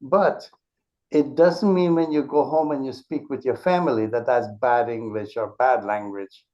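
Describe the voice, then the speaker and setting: A man's voice: medium pitch, normal speed, warm tone. A man with an ordinary mid-range voice talks as an interview guest, laying out his ideas with careful examples and frequent restarts. The sound is dull and lo-fi. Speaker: author and speech teacher, interview guest. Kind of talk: earnest conversational explanation. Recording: dull lo-fi recording.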